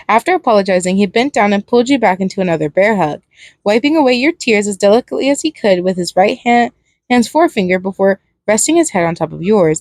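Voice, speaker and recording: A woman reading fan fiction aloud as narrator, steady but with small restarts. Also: medium pitch, brisk, dry recording.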